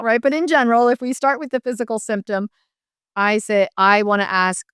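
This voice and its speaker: Middle-aged woman explaining with a smooth voice. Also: a little high, fairly even intonation, brisk, fairly bright tone, no room sound, clean studio sound. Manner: explanatory, many fillers and restarts. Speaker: medical intuitive and author. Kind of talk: interview guest.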